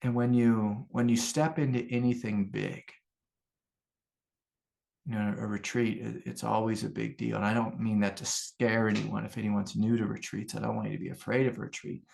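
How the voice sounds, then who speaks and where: Gravelly low-voiced man giving a casual spiritual talk. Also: level tone, moderate pace, a little mellow. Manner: rambling, informal, anecdotal, many fillers. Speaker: meditation and spiritual teacher. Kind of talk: casual spoken satsang talk.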